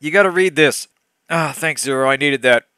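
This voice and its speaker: Bright-voiced man doing a sarcastic reading. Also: on the high side, moderate pace, smooth, no echo. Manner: sarcastic, laughing asides. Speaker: let's play host reading aloud. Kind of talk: comedic dramatic reading with commentary.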